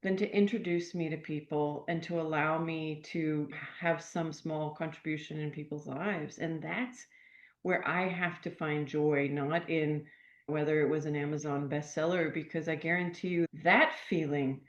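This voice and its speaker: An older woman speaks as a podcast guest, earnest and reflective, her voice sitting fairly low. The audio is roomy and a little dull, like a remote call. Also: steady tone, normal speed. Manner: reflective, earnest, warm enthusiasm. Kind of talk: podcast interview.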